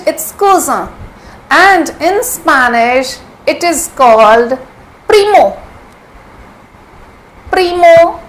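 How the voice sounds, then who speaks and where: A woman runs a slow vocabulary lesson, cheerfully saying each word again and again. Her voice sits high, and faint noise hums behind her. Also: a bit bright, rough recording. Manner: repeats each word several times, cheerful. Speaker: language teacher.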